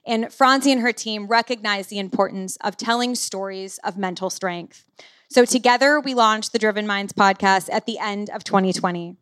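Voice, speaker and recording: A woman hosting a podcast while sick and hoarse, telling a personal story openly from the stage. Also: mid-range voice, normal speed, fairly bright tone. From United States. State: lost voice, sick. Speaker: podcast host. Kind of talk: podcast intro and live stage talk.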